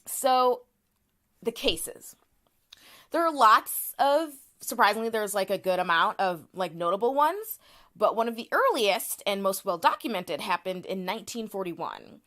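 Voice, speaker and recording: Woman, podcast co-host, casual chat, explanatory, restarts often, middle pitch. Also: animated, a little slow, a bit bright. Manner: explanatory, frequent restarts and fillers.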